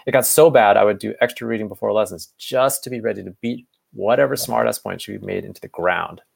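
A man's voice: lowish voice, fairly quick, gravelly, slightly rough. A man casually reading a fan story aloud, narration and dialogue, with small slips and self-corrections. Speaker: fanfiction co-reader.

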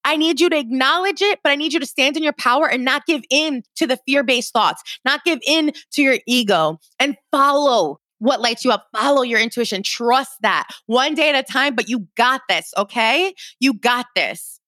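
A woman's voice: high voice, animated, moderate pace, few pauses, sharp tone, dry recording. Upbeat encouraging woman podcaster, dry mic. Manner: upbeat, encouraging, chatty with filler "like". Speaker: podcast host, life coach. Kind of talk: motivational podcast monologue.

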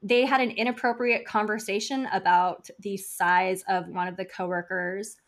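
A woman guest on a podcast, telling stories in a chatty, animated way with frequent "like" fillers. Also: mid-range voice, normal speed. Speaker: podcast guest, funeral home founder. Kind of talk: casual interview storytelling.

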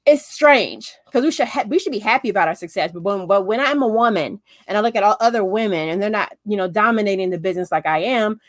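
A woman's voice: fast talker, hardly any pauses, no room sound. Chatty woman coaching, dry close sound. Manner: chatty, keeps checking in with "okay?"; acts out quotes in high animated voices. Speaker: business coach. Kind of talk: casual talk to camera.

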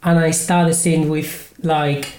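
A man's voice: a little high, little pitch movement, unhurried, darkish tone. Spanish-accented man chatting in echoey room. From Spain. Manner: rambling, many fillers and restarts. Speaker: podcast host and improv comedian. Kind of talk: casual podcast chat.

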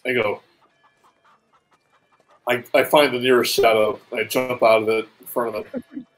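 A man's voice: medium pitch, fairly even intonation, a little slow, long pauses, slight background noise, low-quality recording. A man playing a tabletop game on an online voice call, narrating his character's actions and stammering on restarts. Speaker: player. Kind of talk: casual tabletop play.

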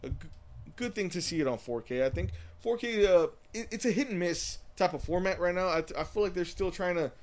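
A man's voice: high-pitched, fairly quick, a little mellow. A man co-hosting a casual chat show, rambling with many restarts and frequent laughter. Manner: rambling, laughs often, repeats words. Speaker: podcast co-host.

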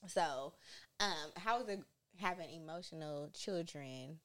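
Young woman podcast host, low-ish voice, casual, laughs a lot. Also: unhurried, a bit bright. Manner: laughs often, loose and chatty. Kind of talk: casual chat.

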